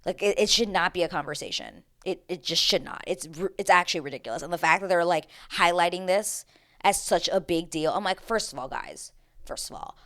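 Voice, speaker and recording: Woman, reality show recap vlogger, slightly low voice, chatty, emphatic, slangy, rambling tangents. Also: fairly quick, a bit bright. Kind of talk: casual opinionated recap commentary.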